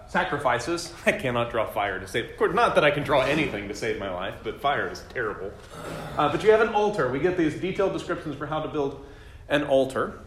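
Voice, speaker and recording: A man's voice: fairly high pitch, a bit bright, a little hiss or hum. A man leading a classroom Bible lesson, chatty and quizzing his students with self-deprecating jokes. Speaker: Bible study teacher. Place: classroom with a group. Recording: echoey room.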